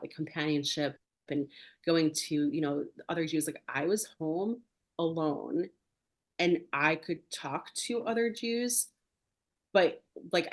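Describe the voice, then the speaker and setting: A woman hosting a podcast, telling a personal story in a casual, chatty way full of filler words. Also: low voice. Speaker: podcast host.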